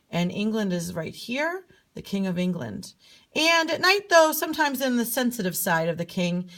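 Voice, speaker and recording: Playful woman telling a map story. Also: mid-range voice. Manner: playful, sing-song, lively storyteller. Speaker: teacher. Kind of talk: storytelling geography lesson.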